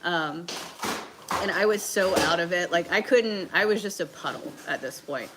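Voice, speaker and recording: Low-voiced woman, chatty and profane. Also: normal speed, noisy background. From Southern United States. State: sick with a bug. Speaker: livestream host. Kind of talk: casual storytelling on a livestream.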